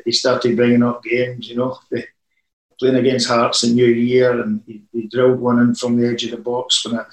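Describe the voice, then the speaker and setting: Rambling man in an echoey room. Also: medium pitch. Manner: anecdotal, rambling storyteller. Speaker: former football manager. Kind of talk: casual interview chat.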